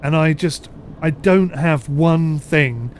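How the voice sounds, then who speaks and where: A man's voice: a little high, takes it slowly, slight background noise. Chatty man with a southern English accent. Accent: mixed southern English. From United Kingdom. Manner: chatty, rambling, answers chat. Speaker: streamer. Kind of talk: live gameplay commentary.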